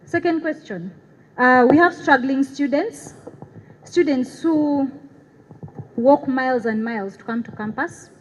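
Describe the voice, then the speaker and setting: A woman's voice: sits high, unhurried. A young woman moderating a university debate, putting earnest, emphatic questions to candidates. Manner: earnest, emphatic, repeats points for stress. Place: university hall. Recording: dull echoey hall sound.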